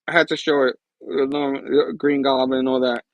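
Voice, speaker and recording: A man's voice: mid-range voice, level tone, moderate pace, dry recording, dull audio. A man hosting a casual comic book review show, enthusiastic and rambling.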